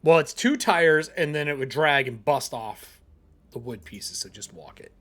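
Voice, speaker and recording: A man's voice: on the high side, animated, moderate pace, a bit bright. A man running a tabletop game as game master, narrating casually, swearing freely and laughing as he talks.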